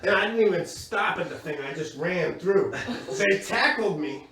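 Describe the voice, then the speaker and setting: A man doing crude stand-up storytelling, profane and animated, laughing as he goes. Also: high voice, normal speed. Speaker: stand-up comedian. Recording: echoey room from far off with crowd.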